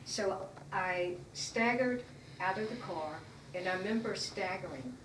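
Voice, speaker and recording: Woman interviewee, earnest and emotional, halting retelling; roomy room, mic at a distance, faint hiss. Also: medium pitch. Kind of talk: personal account in an interview.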